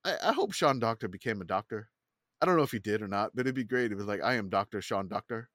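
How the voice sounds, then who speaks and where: A man hosting a casual sports podcast, his pitch rising and falling a lot as he recaps an old game. He laughs easily between points. The sound is dry and close. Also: dry recording. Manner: animated storytelling with quick laughs. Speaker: podcast host.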